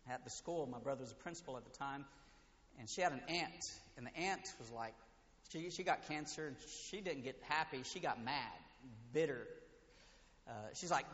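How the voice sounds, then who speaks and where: A high-pitched male pastor preaching a sermon, his voice swinging between booming emphasis and hushed, intimate passages. The sound is dull and muffled, carried through a long, echoing sanctuary reverb. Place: church sanctuary.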